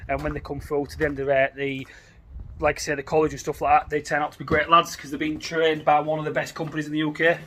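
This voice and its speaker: A man's voice: a little high, flat delivery, quick pace, fairly bright tone, slight background noise. A man, the owner of a plumbing business, narrating a casual vlog from a building site, chatty and joking with his crew, tired at the end of a long day. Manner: chatty, banters and laughs with the crew.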